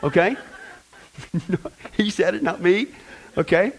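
A male pastor preaching a lively sermon, joking and talking straight to his congregation. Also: high-pitched, slow, a little hiss or hum, poor audio. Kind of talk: sermon with fill-in-the-blank notes.

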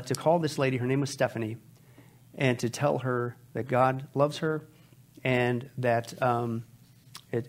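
A middle-aged male pastor preaching a sermon, telling stories with quoted dialogue and loud emphatic rises. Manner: animated, loud emphatic delivery with sharp rises in pitch; storytelling with quoted dialogue, dropping to soft asides.

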